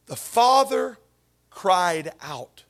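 A man preaching a sermon as pastor, swinging from hushed whispers up to shouted, tearful peaks. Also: sits high, sing-song, very slow.

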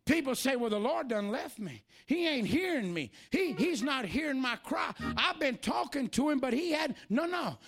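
A male preacher giving a sermon in church, moving between shouted, sing-song preaching and quieter, folksy storytelling. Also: very high-pitched, very animated, moderate pace, few pauses, breathy edge.

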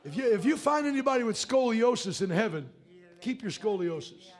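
A middle-aged male preacher with a high-pitched voice. He talks in blunt, folksy phrases and swings between hushed, close asides and sudden shouts. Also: expressive, fairly quick, a faint crowd. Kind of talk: revival sermon.

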